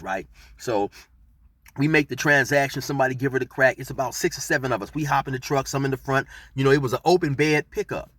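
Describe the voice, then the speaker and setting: A man's voice: medium pitch, a bit bright, no room sound. A middle-aged man telling a street story in laid-back slang, rambling with fillers as he goes. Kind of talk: casual storytelling.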